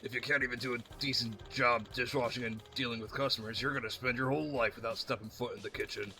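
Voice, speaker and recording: A man voicing a gruff, angry male head chef who barks and scolds his staff. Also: mid-range voice, steady tone, fast, sharp tone, faint music behind. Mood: scolding. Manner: barking, scolding.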